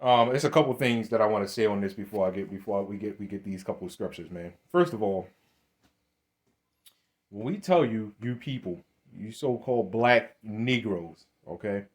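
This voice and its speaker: A religious commentator speaks to camera in a low, lively voice at a moderate pace, giving blunt, confrontational commentary. He often repeats himself, restarts sentences and keeps calling his listeners "man".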